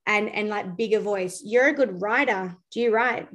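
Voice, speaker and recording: A woman giving a casual spiritual reading, chatty and quick, passing on messages to the person in front of her. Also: medium pitch, highs cut off. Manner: chatty, warm-voiced, relays messages with "they're saying". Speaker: psychic reader.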